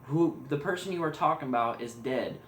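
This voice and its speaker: A man's voice: mid-range voice, brisk, a bit bright, voice pushed down, lightly acted. Man voicing a flustered worried mother, horror story, echoey room. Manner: plain quoted speech in a storyteller's voice.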